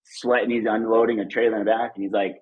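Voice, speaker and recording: A man from Southern California telling an animated story as a guest in a casual interview, full of fillers and restarts. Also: lowish voice, fast talker, slightly rough. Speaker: guest, trucking business owner. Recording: phone-like narrow band line.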